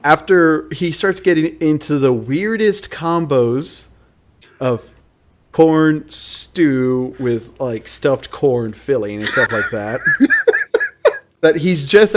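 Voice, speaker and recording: A man narrating a tabletop game as its game master. His voice sits a touch high, and he tells the story loosely, laughing often. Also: takes it slowly.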